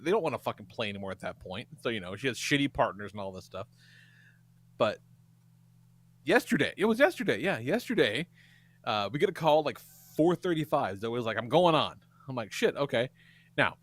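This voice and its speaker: A man in his forties, a podcast co-host telling animated, profanity-laced stories in casual chat. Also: mid-range voice.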